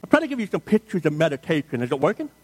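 A man's voice: fairly high pitch, very animated, rapid-fire. A middle-aged man preaching a sermon, shifting into conversational, humorous storytelling and asking the congregation questions. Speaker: pastor.

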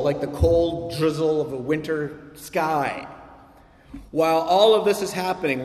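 A man preaching a sermon as pastor, animated, swinging from loud emphasis to quiet asides. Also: a little high. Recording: roomy hall reverb.

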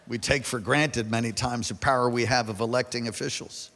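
A male pastor preaching a sermon to a large congregation, building to loud emphatic peaks and calling for responses. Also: mid-range voice, steady tone, a little fast, gravelly, hardly any pauses. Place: large church hall. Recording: long hall reverb.

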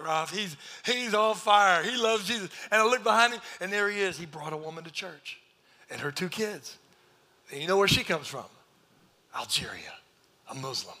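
A man preaching a sermon, telling a story with jokes, now and then shouting, then dropping to a hushed near-whisper. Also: fairly high pitch, husky. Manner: animated joking storyteller, bursts into shouts. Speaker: pastor.

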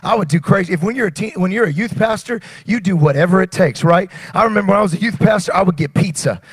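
Man preaching, high husky voice, dry sound, animated and stammering, builds to shouts. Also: fast talker, dry recording. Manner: stammering restarts. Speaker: pastor. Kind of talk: sermon.

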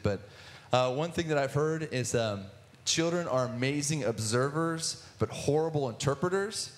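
Speaking at normal speed in a medium-pitched voice, a man in his twenties tells his testimony as a guest speaker in church. His delivery is earnest but full of fillers and false starts.

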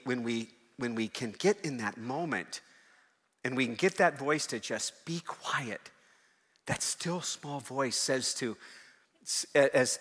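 Bright-voiced pastor preaching in a reverberant hall. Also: male voice, mid-range voice. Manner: conversational asides that build to loud, fervent preaching. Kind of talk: sermon. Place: church.

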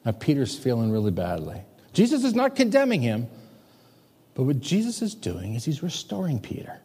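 A pastor in his fifties preaching a sermon, emphatic, swinging between loud and hushed. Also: medium pitch, wildly swooping pitch, normal speed, slightly rough. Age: 50s. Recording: long hall reverb.

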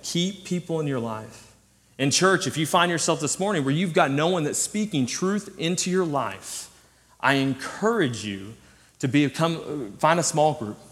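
A man preaching a sermon as a student ministry pastor, telling animated stories with self-deprecating humor. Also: a little high. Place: church sanctuary. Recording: long hall reverb.

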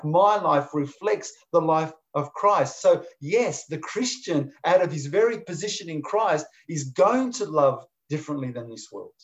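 A man preaching a sermon, emphatic and deliberate, driving points home with repetition. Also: a little high. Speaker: pastor.

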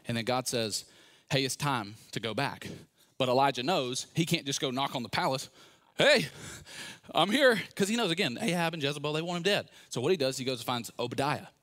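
A man's voice: medium pitch, quick pace, a bit bright. Man preaching in a casual, chatty way. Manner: casual, conversational preaching with playful asides. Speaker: pastor. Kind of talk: sermon.

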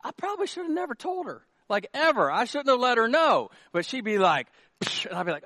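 High-voiced joking male pastor. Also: very animated, fairly quick, sharp tone, no echo, studio quality. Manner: joking, conversational preaching with rising emphatic peaks. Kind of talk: sermon. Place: church sanctuary.

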